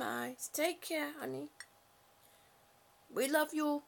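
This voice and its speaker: Woman doing a homey livestream, high voice, gravelly, lots of ums and honeys, reads out comments. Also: unhurried. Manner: chatty and affectionate, frequent fillers. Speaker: livestream host. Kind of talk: casual chat reading viewer comments. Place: home.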